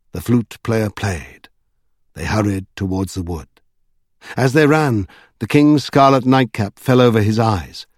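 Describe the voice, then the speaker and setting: A man narrating a novel aloud in a measured storytelling manner. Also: on the low side, a little mellow, no room sound, clean studio sound. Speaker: audiobook narrator. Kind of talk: scripted narration.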